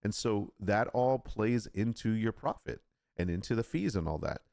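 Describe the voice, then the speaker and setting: A man chats casually on a live stream, rambling through asides and restarts. His low voice rises and falls in lively swings. The sound is dry and close, with no room echo. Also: moderate pace, creaky. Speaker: live stream host, print-on-demand seller.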